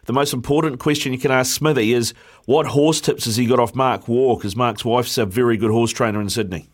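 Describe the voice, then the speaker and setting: A male radio host chats with a guest in a relaxed, matey tone. He keeps things easygoing and friendly. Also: medium pitch, a little fast. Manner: matey, easygoing, says mate often. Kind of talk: casual radio chat.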